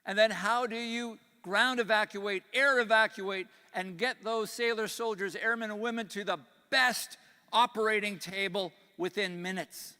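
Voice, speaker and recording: An older Canadian man with a slight Texas twang gives an earnest, folksy keynote in a large conference hall, his voice sitting high, smooth and steady at a normal pace. He grows quiet on grave points, and the hall sounds echoey.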